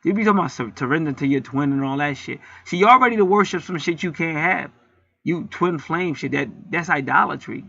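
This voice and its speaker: A man hosts his own channel and rants in a heated, preachy way, full of profanity. His voice is gravelly and sharp-edged, a little higher than most men's. The sound is dry and dull, like a lo-fi home recording. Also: animated, fairly quick. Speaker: channel host. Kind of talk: casual rant to camera.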